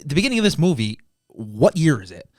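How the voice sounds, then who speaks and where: A man co-hosting a podcast movie review, cracking deadpan jokes and picking apart details. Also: on the high side, brisk, no echo. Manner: dry, deadpan jokes, picky about details. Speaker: podcast co-host. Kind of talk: casual chat.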